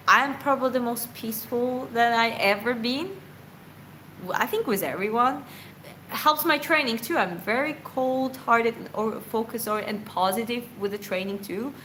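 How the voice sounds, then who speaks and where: A woman's voice: on the high side, sharp tone, a little hiss or hum, low-quality recording. A woman boxer answering viewer questions in a casual livestream Q&A. She talks in an earnest, reflective way, rambles, corrects herself and laughs often.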